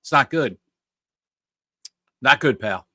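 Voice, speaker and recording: Wisecracking man with a lively voice. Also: medium pitch, slow, slightly rough. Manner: wisecracking, calls people "pal". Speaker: podcast co-host. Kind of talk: casual wrestling chat.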